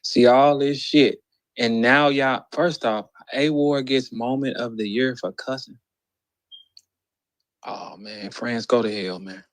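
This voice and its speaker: This battle rap commentator speaks at a slow pace in a medium-pitched voice whose intonation stays fairly even, yet his monologue is a heated, profane rant. He mocks with disbelief and shouts quoted lines, recorded dry and close with no room sound.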